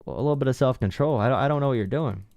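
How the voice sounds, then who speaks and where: A man's voice: mid-range voice, very fast, gravelly, darkish tone, dry recording, muffled recording. A man hosting a live political call-in stream, ranting bluntly and mockingly. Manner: mocking, blunt, says bro a lot. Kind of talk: casual streaming rant.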